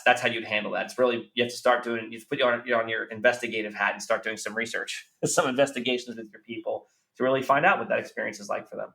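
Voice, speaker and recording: A man's voice: mid-range voice, sharp tone. A man giving earnest business advice in a podcast interview, repeating key phrases for emphasis. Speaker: business coach guest. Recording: roomy, slightly distant mic.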